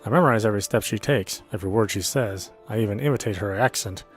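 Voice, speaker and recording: A man's voice: on the low side, fast talker. A man reading a visual novel aloud in an earnest first-person narration. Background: faint background music.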